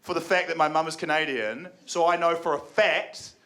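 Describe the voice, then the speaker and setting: A young New Zealand man doing stand-up comedy live, sarcastic and excitable, now and then jumping into shouted mocking voices. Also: fairly high pitch, normal speed. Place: comedy venue with live audience. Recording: live show with audible crowd. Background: audience laughter.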